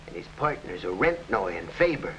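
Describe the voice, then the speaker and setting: An actor playing a ruthless, scheming hired killer in an early TV crime drama, talking tough gangster slang. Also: male voice, lowish voice, sing-song, normal speed, pushed and bright. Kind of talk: 1950s TV crime drama acting. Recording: dull old TV soundtrack with faint hiss.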